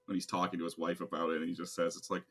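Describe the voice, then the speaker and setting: A man co-hosting a podcast, reacting to a film in casual chat, laughing a lot and dropping low and quiet when appalled. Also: monotone, rapid-fire. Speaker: podcast co-host.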